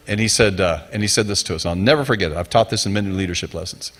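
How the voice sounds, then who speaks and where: A man's voice: lowish voice, lively intonation, rapid-fire, few pauses. A middle-aged man from the United States, a pastor preaching a sermon in a conversational storytelling manner, acting out quoted voices along the way.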